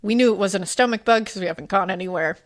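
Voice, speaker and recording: A woman's voice: mid-range voice, fast talker. Woman, podcast co-host; casual, emotional, rambling storyteller, mid-range voice. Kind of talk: casual chat.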